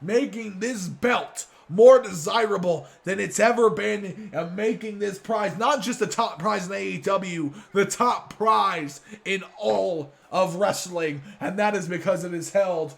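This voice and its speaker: A man's voice: high-pitched, a little slow, vocal fry, few pauses. A man doing a cocky wrestling champion promo. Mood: boastful. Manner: boastful, taunting promo delivery. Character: brash cocky male pro wrestling champion. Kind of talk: wrestling promo role-play over a video game.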